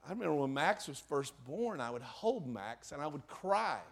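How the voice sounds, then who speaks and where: An older man preaching a sermon in earnest, moving between loud emphasis and hushed, emotional asides. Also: a little high, big pitch swings, normal speed, gravelly. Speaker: pastor.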